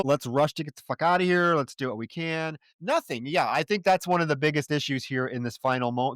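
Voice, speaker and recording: A man with a slightly high voice co-hosts a casual film-review podcast, recapping the plot with sarcastic, profane asides and acting out characters' quoted lines. The recording is dry and studio quality.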